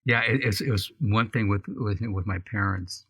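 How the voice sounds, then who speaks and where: A man with a lowish, husky voice chatting on a podcast. He halts and restarts often and slips in dry jokes. The sound is close and dry, with no room around it. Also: steady tone, normal speed, fairly bright tone, dry recording. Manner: hesitant, restarts often, joking asides. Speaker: co-host. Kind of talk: casual podcast chat.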